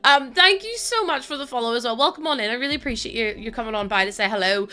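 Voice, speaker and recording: A woman with a Northern Irish accent chatting fast with her stream audience, tired and laughing often. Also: a little high, animated, sharp tone, smooth. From Northern Ireland. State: tired from lack of sleep. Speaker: live streamer. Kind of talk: casual chat with a stream audience.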